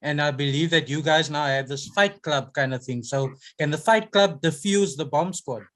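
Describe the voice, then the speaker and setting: A man's voice: fairly high pitch, normal speed, a bit bright. A man asking a player questions at a press conference in a friendly, teasing way. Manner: friendly, teasing, laughs easily. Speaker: reporter.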